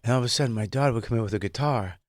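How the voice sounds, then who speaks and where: A man's voice: mid-range voice, racing, no echo, studio quality. A man co-hosting a comedy podcast, asking questions and laughing often. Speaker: podcast co-host. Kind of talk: casual comedy podcast chat.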